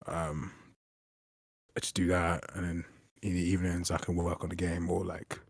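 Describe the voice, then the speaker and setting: Low husky young man chatting. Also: moderate pace, dry recording. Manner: rambling, swearing, animated retelling. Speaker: game developer streaming. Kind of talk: casual chat.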